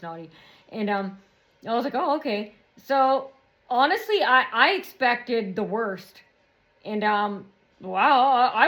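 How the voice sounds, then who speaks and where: A woman with a high voice tells her own story to camera in a loose, rambling monologue. She repeats phrases and loops back to earlier points as she goes. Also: a bit bright. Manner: rambling and repetitive, circling back often. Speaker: vlogger.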